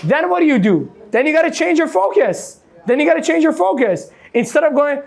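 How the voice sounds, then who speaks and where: Energetic man coaching a live crowd. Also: very high-pitched, fairly quick, gravelly, few pauses. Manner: energetic, quizzes the audience with "yes or no?". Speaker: motivational coach. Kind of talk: live motivational seminar talk.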